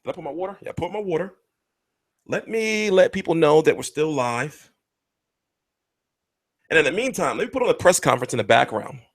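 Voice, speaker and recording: Man, livestream host, casual rambling, crude humor, high lively voice, dry sound. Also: a little fast, long pauses, no echo. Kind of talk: casual live-stream chat.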